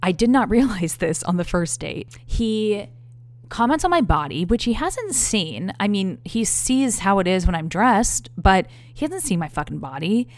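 A woman's voice: mid-range voice, sing-song, normal speed, no echo. A woman in her thirties telling a story to her viewers in a candid, profane, exasperated way. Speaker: vlogger. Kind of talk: casual storytelling to camera.

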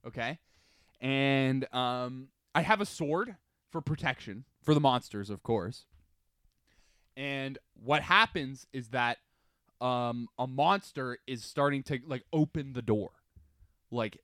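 A young man co-hosting a podcast, telling a story in animated casual chat and acting out his own shouts. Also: mid-range voice, no echo, studio quality. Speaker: podcast co-host.

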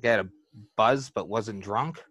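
A man in casual chat, speaking in a relaxed, colloquial and self-mocking way. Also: on the low side, moderate pace.

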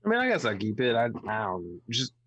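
A man's voice: medium pitch, huge pitch swings, a little fast, a bit bright, breathy edge, dry recording, muffled recording. A man appearing as a podcast guest, chatting casually with a wry, offhand manner and some swearing. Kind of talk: casual chat.

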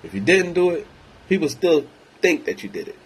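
A man's voice: on the high side, very animated, fairly quick, husky, poor audio. A man ranting in a casual monologue, rambling, blunt and heavy on profanity. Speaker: vlogger.

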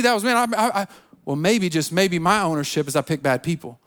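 High-voiced preacher with a drawl. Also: male voice, lively intonation, a little fast, a bit bright. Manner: repetitive, stammering restarts, acts out quoted excuses. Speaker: pastor. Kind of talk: sermon.

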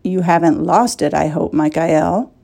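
A woman's voice: sits low, fairly even intonation, measured pace, vocal fry, warm tone, full character voice. A woman voicing a wise older male advisor who speaks in a wry, knowing way.

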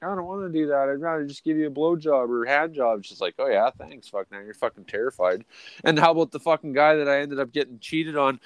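A man's voice: medium pitch, no room sound. A middle-aged man hosting a podcast, rambling through crude, profane stories in casual chat. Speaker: podcast host.

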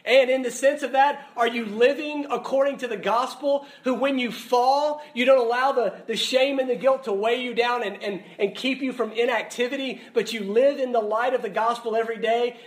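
A male pastor with a notably high voice preaches a sermon. He presses his listeners with rhetorical questions and often stumbles into restarts and repeated words before driving his point home.

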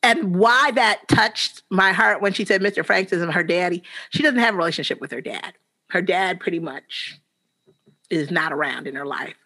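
A woman's voice: on the low side, animated, moderate pace, pushed and bright. A middle-aged woman, a teacher, telling earnest personal stories as a podcast guest, her voice jumping up when she quotes the children. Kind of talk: personal storytelling in a podcast interview.

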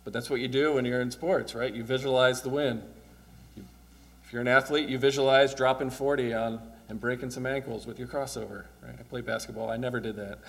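A man's voice: mid-range voice, fairly even intonation, fairly quick, vocal fry. Chatty pastor man preaching. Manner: casual, asks "right?" often, chuckles. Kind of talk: conversational sermon.

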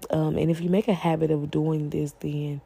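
Woman host, husky and mellow, earnest and pleading parenting talk. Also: low voice, little pitch movement, normal speed. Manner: earnest, pleading, rhetorical questions. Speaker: podcast host. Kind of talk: faith-based parenting talk.

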